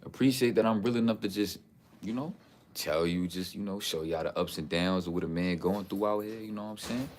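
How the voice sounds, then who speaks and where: A man's voice: deep voice, a little fast. A man, telling stories in a casual, streetwise, preachy vlog. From the Bronx, New York. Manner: streetwise, preachy storytelling with lots of "you know what I'm saying". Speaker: vlogger. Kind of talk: casual talking-head vlog.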